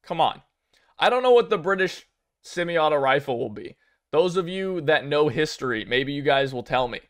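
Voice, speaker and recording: A young man giving casual commentary on game news, rambling and excitable, with many fillers and restarts. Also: fairly high pitch, moderate pace. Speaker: gaming video creator.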